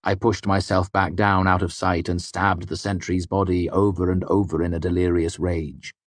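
A man narrating a first-person fantasy story in a measured, grave storytelling manner. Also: deep voice, little pitch movement, no room sound. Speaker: audiobook narrator.

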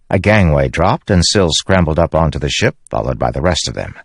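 A man narrating a fantasy audiobook in a steady storytelling manner. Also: extremely low pitch, fairly quick, creaky, hardly any pauses, no room sound, studio quality. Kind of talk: scripted narration.

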